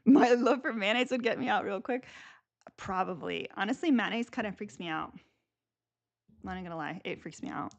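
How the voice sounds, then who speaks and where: Rambly young woman live streaming, kinda gravelly voice, lots of likes and ums. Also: mid-range voice, brisk, lo-fi sound. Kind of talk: casual live stream chat.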